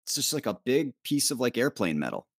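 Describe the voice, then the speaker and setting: A man's voice: medium pitch, big pitch swings, fairly quick, breathy edge, no echo, clean studio sound. A man, a documentary producer guest, telling a loose travel story with fillers and swearing. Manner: loose, profane, many fillers. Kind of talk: casual storytelling chat.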